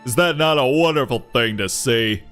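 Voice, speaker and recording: A man voicing a smooth, overly friendly foreign man in a game, speaking deep, slow and pompous. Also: a bit bright, soft background music, lightly acted. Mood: genial.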